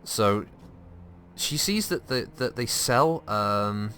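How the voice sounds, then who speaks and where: A man giving casual, animated gaming commentary, laughing and swearing freely as he tells stories. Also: medium pitch, takes it slowly, a little hiss or hum. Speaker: gameplay streamer.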